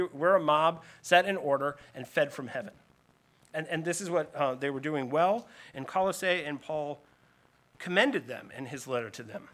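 A pastor preaches a teaching sermon in a slightly raised voice, earnestly explaining scripture and leaning into emphatic lists. His voice is fairly high in pitch, with a fairly bright tone.

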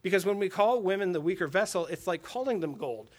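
Guy preaching to a room of men, kinda higher voice, keeps asking questions and repeating himself. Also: expressive, fairly quick. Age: adult with a daughter and wife. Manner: conversational preaching with rhetorical questions and repeated phrases. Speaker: pastor. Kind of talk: sermon to a men's gathering.

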